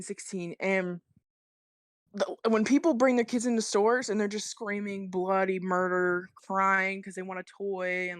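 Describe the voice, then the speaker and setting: A woman in her twenties, a guest on a podcast, telling stories fast in casual, cussing chat. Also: mid-range voice. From South Carolina. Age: 20s. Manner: fast, swearing, animated storytelling. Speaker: guest musician.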